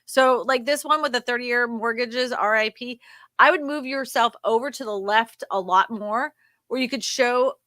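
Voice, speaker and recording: A woman's voice: a little high, pushed and bright, dry recording. A woman co-hosting a livestream, giving direct, casual coaching feedback on video thumbnails. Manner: direct coaching, quick asides.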